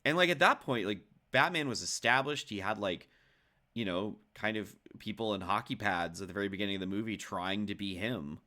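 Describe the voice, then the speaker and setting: A man's voice: deep voice, sharp tone. A man co-hosting a casual film podcast, rambling and restarting his phrases as he talks. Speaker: podcast co-host.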